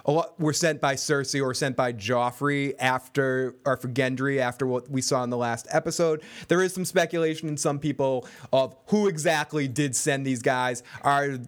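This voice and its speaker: A man's voice: medium pitch, steady tone, moderate pace, few pauses. A man hosting a casual podcast recap chat, blunt and profane, retelling scenes and reading listener comments.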